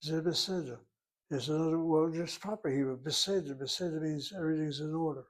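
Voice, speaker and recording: Guy teaching a class, kinda high voice, repeats words slow and careful. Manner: methodical, repeats words and breaks them into syllables. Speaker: Hebrew teacher. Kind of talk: classroom lecture.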